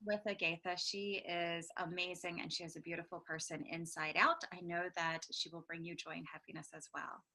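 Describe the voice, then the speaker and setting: A woman's voice: fairly low pitch, little pitch movement, a little fast, few pauses, sharp tone. A woman hosting a casual interview, affirming and encouraging her guest. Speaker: interviewer, host.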